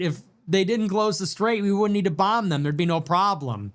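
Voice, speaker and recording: A man hosting a livestream, reading and answering viewer messages in a sarcastic, mocking way that swings between loud outbursts and low mutters. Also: lively intonation, moderate pace, hardly any pauses. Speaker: livestream host. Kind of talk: livestream commentary reading super chats.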